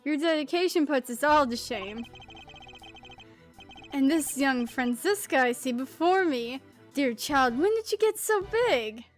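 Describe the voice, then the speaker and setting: A woman's voice: high voice, lively intonation, measured pace, soft background music. A woman voicing a sentimental, doting elderly man in a game read-through, speaking theatrically.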